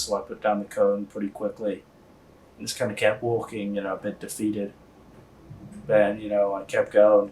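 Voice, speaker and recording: Young guy w a lowish flat voice, rambling deadpan story full of "like"s, mic a bit far off. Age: young adult. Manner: rambling, many fillers, deadpan. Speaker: interviewee. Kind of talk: casual storytelling interview.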